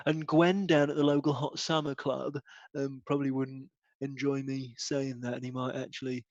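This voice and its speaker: A man's voice: mid-range voice, level tone, moderate pace, darkish tone, no room sound. A man playing a timid radio host in an improvised comedy sketch, hesitant and full of ums. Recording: dull, dry lo-fi audio.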